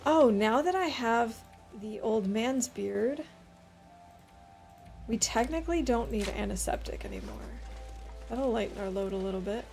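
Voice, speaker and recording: A woman's voice: on the high side, very animated, a little slow, creaky, long pauses, a little mellow, faint music behind. Chatty woman streamer thinking aloud. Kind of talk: casual gameplay commentary.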